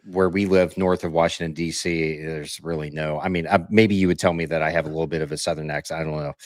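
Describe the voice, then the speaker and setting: A man co-hosting a live stream, telling stories in a relaxed way and asking easygoing questions. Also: extremely low pitch, quick pace, no echo, clean studio sound. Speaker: co-host. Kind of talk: casual chat on a live stream.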